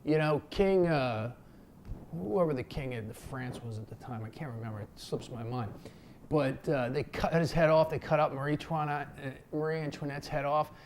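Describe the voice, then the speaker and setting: A man's voice: on the high side, normal speed, darkish tone, slight background noise. Rambling, slangy man from Philadelphia. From Philadelphia, USA. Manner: rambling and loose, with many fillers, slang and swearing; acts out quotes in a raised voice. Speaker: vlogger. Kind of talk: casual unscripted talk to camera.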